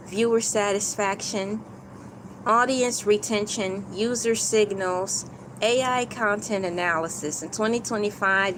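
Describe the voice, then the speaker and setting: A woman's voice: medium pitch, slight background noise, low-quality recording. A woman hosting a casual livestream, playfully talking through a list of points. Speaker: YouTube livestream host.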